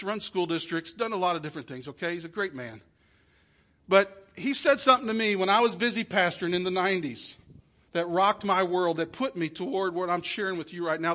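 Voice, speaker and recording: A middle-aged man preaching a sermon as pastor, emphatic, swinging from loud peaks to hushed drops, recorded in a church. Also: high voice. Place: church sanctuary.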